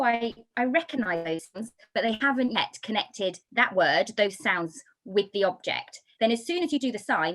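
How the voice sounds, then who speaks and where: A woman from the United Kingdom giving a talk on baby sign language, explaining with lively, sing-song emphasis. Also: medium pitch. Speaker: baby signing instructor. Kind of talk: talk to an audience.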